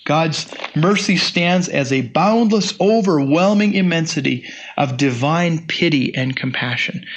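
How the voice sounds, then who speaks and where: A man in his sixties delivers a sermon, his voice sitting a little higher than most men's. He preaches conversationally, with folksy asides, and often restarts his sentences. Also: animated, measured pace. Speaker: pastor.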